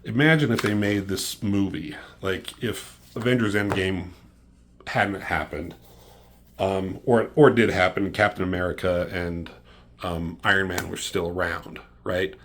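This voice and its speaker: Male comic reviewer, fairly low-pitched, loose and profane, excitable play-by-play recap. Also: measured pace, slight background noise. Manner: profane, excitable, filler-heavy retelling.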